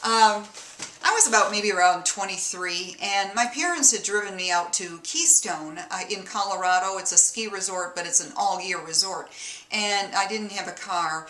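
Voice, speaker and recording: A chatty woman from Detroit tells a story to the camera and pokes fun at herself as she goes. Her voice is bright and sharp, and it echoes in a roomy space. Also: mid-range voice, moderate pace. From Detroit, USA. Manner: chatty, self-mocking. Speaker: vlogger. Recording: roomy echo.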